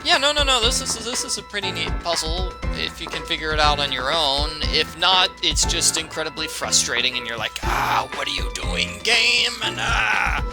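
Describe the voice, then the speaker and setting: A man's voice: on the high side, very animated, moderate pace, gravelly, hardly any pauses, over loud music. A man giving casual walkthrough commentary on a game, rambling and often stumbling over and repeating words. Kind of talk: casual let's-play commentary.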